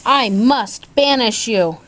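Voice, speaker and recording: A woman's voice: a little high, animated, slow pace, fairly bright tone. A woman voicing an angry, commanding duke as she reads a storybook aloud, with a roaring, stern manner.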